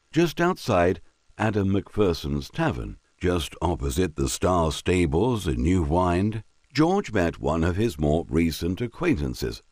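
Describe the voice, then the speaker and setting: A man narrating a historical story in a measured, expressive storytelling manner. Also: low voice, no room sound, studio quality.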